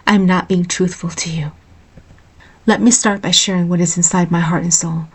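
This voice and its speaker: Woman doing a devoted young guard, hushed, earnest, lowish voice, storybook. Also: fairly even intonation, quick pace, husky. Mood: tender. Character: devoted young male royal guard, tender. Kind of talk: storybook reading.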